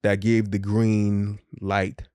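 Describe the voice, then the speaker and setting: A middle-aged man tells a long personal story on a podcast, candid and a little profane, slipping into the voices of the people he quotes. His voice sits low, and the recording is close and dry, with no room sound. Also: completely flat delivery, slow pace, a little mellow, smooth, no room sound. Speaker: podcast co-host. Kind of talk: casual storytelling chat.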